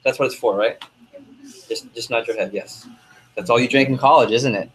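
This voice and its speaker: A young male manager pumps up his sales team, talking fast and loose with constant check-ins. His voice sits at an ordinary middle pitch. A faint hiss of room noise runs under the recording. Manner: energetic, hyping up the room with quick asides. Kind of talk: motivational sales meeting talk.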